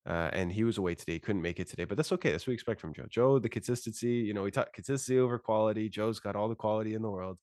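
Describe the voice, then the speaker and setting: A man's voice: fairly low pitch, racing, few pauses, darkish tone, dry recording, clean studio sound. A man hosting a casual podcast, laid-back and chatty, congested and fighting phlegm. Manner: laid-back, says "bro" a lot. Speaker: podcast host.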